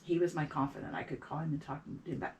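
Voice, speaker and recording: A middle-aged woman, a beadwork artist, telling her story in a casual interview, halting and repeating words as she acts out what others said. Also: low-pitched, fairly even intonation, darkish tone, a little hiss or hum. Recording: voice a bit far from the mic.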